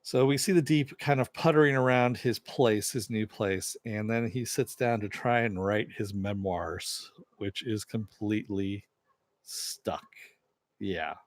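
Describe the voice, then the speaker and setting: A man's voice: lowish voice, fairly even intonation, unhurried, no echo. A man reviewing a TV episode, retelling the plot in a loose, rambling way with plenty of fillers. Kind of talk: casual spoken recap.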